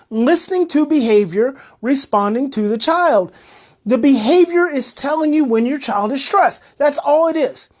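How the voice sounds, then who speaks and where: Her voice sits high as this parenting educator talks casually, solo. She's animated, repeats phrases, and works herself up.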